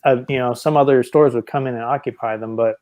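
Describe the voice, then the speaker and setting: A man hosting a casual live stream chat, rambling with hesitant pauses and reading chat comments aloud over a video call. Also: medium pitch, steady tone, a little mellow. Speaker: host. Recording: choppy home Wi-Fi video call.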